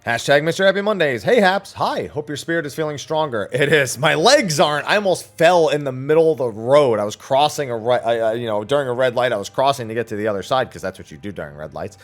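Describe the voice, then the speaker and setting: A man streaming a casual Q&A, reading viewer questions aloud and answering them bluntly, his voice slightly raspy. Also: mid-range voice, lively intonation, fast talker, few pauses, faint music behind. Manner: reads chat questions aloud, then answers bluntly and at length. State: slightly raspy after eating. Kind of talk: casual livestream Q&A.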